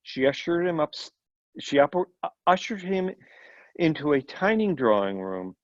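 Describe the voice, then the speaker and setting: A man's voice: a little high, sing-song, unhurried, dry recording. A man, a volunteer reader, reading a short story aloud with occasional slips and brief asides. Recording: dull lo-fi recording.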